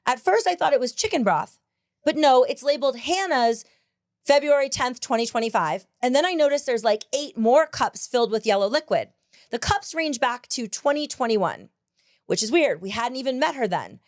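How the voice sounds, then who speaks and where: A woman's voice: high-pitched, expressive, normal speed, no room sound, clean studio sound. A woman hosting a casual podcast chat, blunt and profane, laughing often. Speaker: podcast host.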